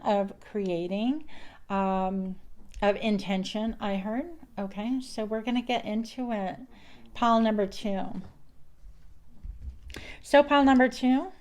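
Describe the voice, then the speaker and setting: A woman's voice: medium pitch, darkish tone. A woman giving a casual tarot reading, chatty and meandering, mixing spiritual affirmations with card talk. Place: indoors at a counter.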